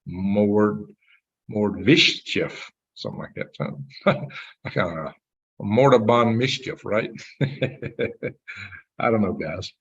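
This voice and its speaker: A man's voice: on the low side, lively intonation, slow, slightly rough. A man hosting a live stream, rambling through commentary and reading chat messages aloud. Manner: rambling, reads chat aloud, chuckles at himself. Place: home computer setup. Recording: dull lo-fi stream audio.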